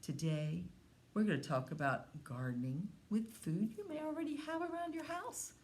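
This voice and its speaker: A woman who is a children's librarian, telling a story to young children at story time in a slow, sing-song way. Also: medium pitch, animated, a little mellow.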